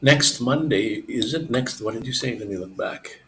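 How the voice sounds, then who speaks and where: A man's voice: mid-range voice, a little fast, a little hiss or hum, poor audio. A man live streaming, chatting casually and rambling to his viewers. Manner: rambling, relaxed, talks to viewers.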